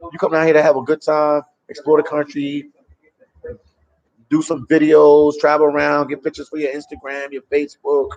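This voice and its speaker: Gravelly man on a livestream. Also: a little high, completely flat delivery, normal speed, a little mellow, highs cut off. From Memphis, USA. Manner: loose and talkative, reads and answers viewer comments. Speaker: travel vlogger on a livestream. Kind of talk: casual livestream chat. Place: a café in El Salvador.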